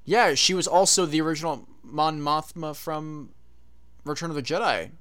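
Podcast guy, kinda high smooth voice, blunt and tired, cusses a lot. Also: normal speed, fairly bright tone. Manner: blunt, weary, swears casually. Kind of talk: casual chat.

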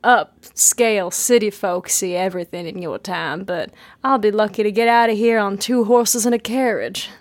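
A woman's voice: medium pitch, moderate pace, dry recording, natural voice. Woman playing a wistful small-town girl. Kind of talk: improvised scene reading.

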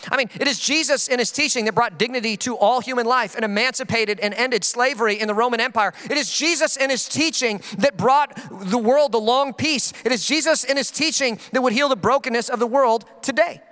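A man's voice: very high-pitched, brisk, few pauses, sharp tone, in a large hall. A man, a pastor, preaching a sermon with passionate emphasis and acting out the voices he quotes.

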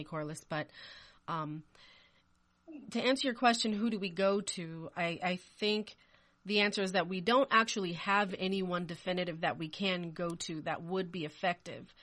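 A woman's voice: lowish voice, fairly bright tone. A woman who is the show's producer, speaking in casual talk-show chat, hesitant with many ums. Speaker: showrunner and producer.

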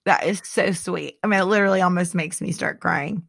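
A middle-aged woman talking in a casual chat as co-host, animated and chatty, laughing often and restarting her sentences. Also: on the low side, brisk, creaky, dry recording, studio quality. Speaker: podcast co-host.

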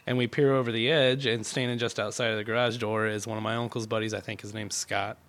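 A man's voice: lowish voice, fast. A man co-hosting a casual podcast, telling a rowdy childhood story with lots of swearing and acted-out quotes. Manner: animated, profane storyteller who acts out quotes. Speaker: podcast co-host.

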